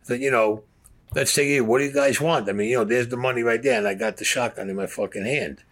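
A man's voice: medium pitch, fast talker, fairly bright tone. An older man, telling a story in a blunt, profane, streetwise way. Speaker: interviewee.

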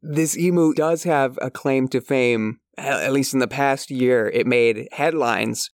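A man co-hosting a casual comedy podcast, laughing often and tossing in quick jokes. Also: mid-range voice, no echo, clean studio sound. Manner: laughs often, quick jokey asides and silly quoted voices. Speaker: podcast co-host.

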